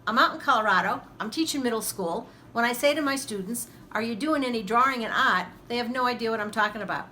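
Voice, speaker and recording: Animated Boston woman teacher, bright high voice. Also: fast, slight background noise. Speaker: middle school teacher.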